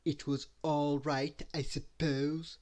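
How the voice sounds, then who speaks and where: Grumpy snobbish storybook gent, put on by a man, slow, grudging, sniffy. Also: mid-range voice, darkish tone. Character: grumpy, snobbish older male storybook gentleman.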